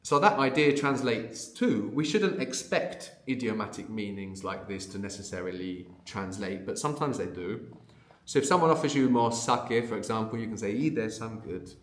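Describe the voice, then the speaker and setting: A man gives an unscripted audio language lesson, explaining patiently and conversationally and often checking in with a questioning "no?". His voice is on the low side, animated, brisk and fairly bright, with a reverberant sound.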